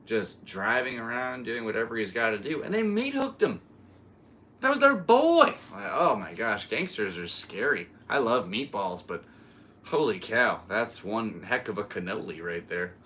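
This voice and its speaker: Comedian guy rambling on his podcast, lowish voice but bright, keeps cracking up. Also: very animated, moderate pace, a little hiss or hum. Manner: rambling, laughs often, restarts a lot. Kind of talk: casual solo podcast chat.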